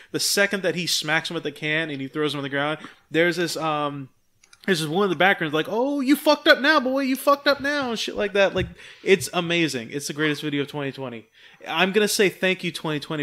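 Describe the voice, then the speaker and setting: A man co-hosting a podcast, telling a story in a lively way, acting out the voices of the people in it and swearing freely. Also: a little high. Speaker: podcast co-host. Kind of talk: casual chat.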